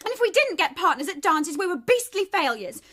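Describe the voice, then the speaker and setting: An actress playing a bitter, rebellious young daughter in a radio drama, sarcastic and tearful by turns. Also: female voice, very high voice, sing-song, a little fast, a bit bright, full character voice. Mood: accusing. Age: young adult.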